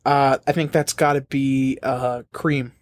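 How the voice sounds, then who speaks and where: A young man co-hosting a podcast, trading deadpan, crude jokes in casual banter. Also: medium pitch, a little slow. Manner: deadpan, crude jokey riffing. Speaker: podcast co-host.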